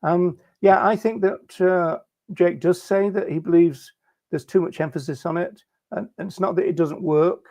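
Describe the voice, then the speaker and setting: A man co-hosting a casual discussion, speaking in a measured way and thinking aloud with fillers. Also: sits high, fairly even intonation, darkish tone. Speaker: podcast co-host.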